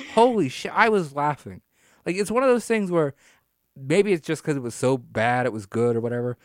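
Animated man on a dry podcast mic. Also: on the high side, no room sound. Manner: animated, laughing, slows down for emphasis. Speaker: podcast co-host. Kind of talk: casual wrestling podcast chat.

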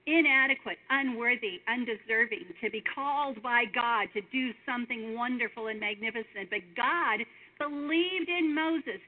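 A woman's voice: on the high side, moderate pace. A woman giving a devotional sermon, earnest and emphatic, speaking straight to the listener with questions. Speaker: preacher. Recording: tinny phone-like sound.

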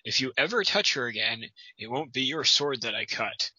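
A man's voice: mid-range voice, lively intonation, normal speed, bright, forceful tone, breathy edge, dry recording, dull audio, full character voice. A man reading out a possessive, threatening warrior's lines in a mock-menacing way, from a story he is mocking.

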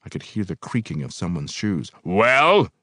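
Deep-voiced man reading a novel aloud. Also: fairly quick, slightly rough, no room sound, studio quality. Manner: expressive first-person narration.

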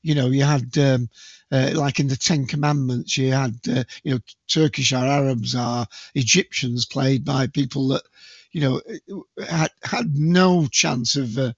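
A man's voice: mid-range voice, fairly even intonation, measured pace, no room sound, highs cut off. A man co-hosting a podcast, chatting casually in a rambling, hesitant way with many fillers. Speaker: podcast co-host. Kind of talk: casual chat.

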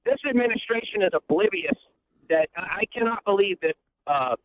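A man's voice: high voice, expressive, a little hiss or hum. Outraged male caller on a tinny phone line. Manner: outraged, repetitive, halting.

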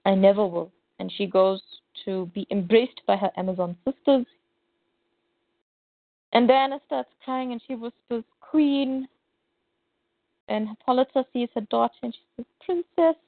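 Her voice sits in the mid-range with a creaky texture, moving at a moderate pace as she co-hosts a podcast and animatedly recounts a comic, reading characters' dialogue aloud. There's no echo; the audio is dry and sounds phone-tinny.

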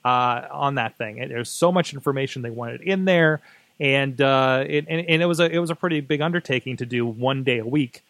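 A man's voice: mid-range voice, a bit bright, dry recording. A man hosting his own podcast, talking casually in a rambling way with many fillers and restarts. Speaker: podcast host. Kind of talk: casual solo monologue.

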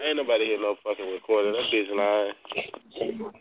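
A man's voice: on the low side, moderate pace, noisy background. A man on a phone chat line, talking loosely with profane, mumbled asides. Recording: tinny phone line with crowd behind.

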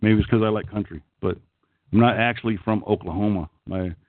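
A man's voice: fairly low pitch, brisk, dry recording. A middle-aged man with an Okie accent hosting a casual call-in chat, crude, profane and rambling. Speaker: call-in show host. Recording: tinny phone-like call line.

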